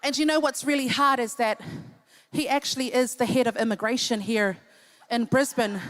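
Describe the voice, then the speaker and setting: A high, bright-toned woman in her fifties works a dinner crowd with cheeky, teasing banter, taking her time between jokes. She speaks in a large hall at a live event, with faint music underneath. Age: 50s. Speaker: entertainer at a charity dinner.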